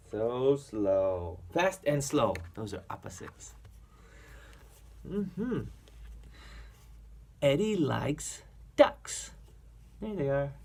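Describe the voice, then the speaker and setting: A man reading a children's picture book aloud to a young child as a reading teacher, playful, with animal sounds and soft whispers. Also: medium pitch, breathy edge.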